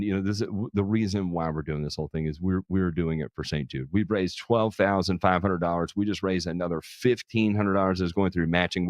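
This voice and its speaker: A man's voice: deep voice, dry recording, studio quality. A man hosting a charity livestream, talking casually in a candid, profane, self-deprecating way. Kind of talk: casual chat.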